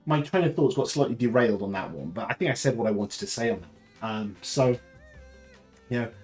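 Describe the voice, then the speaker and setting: A man's voice: medium pitch, fairly quick, darkish tone, faint music behind. A man chatting casually on a live stream from home, enthusiastic and rambling. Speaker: streamer hosting a lunchtime chat.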